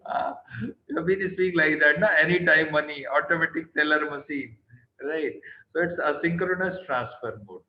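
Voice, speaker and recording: A man's voice: a little high, normal speed, slight background noise. A man with an Indian English accent teaching an online class, quizzing students by name and often asking "right?". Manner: stern, scolds students on tone. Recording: roomy, dull online call audio.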